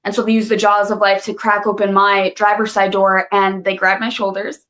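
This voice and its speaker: A young woman speaking earnestly as a podcast guest, her voice at an ordinary middle pitch. She retells events vividly, slipping into the words people said to her. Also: little pitch movement, moderate pace, fairly bright tone. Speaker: guest telling her story. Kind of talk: emotional personal storytelling.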